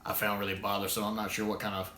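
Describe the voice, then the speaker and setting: Speaking very fast in a low-ish, monotone, sharp-toned voice, this video reviewer from the United States rambles through a casual review. He keeps restarting sentences and using fillers. The recording is roomy and echoey, with a little hiss or hum.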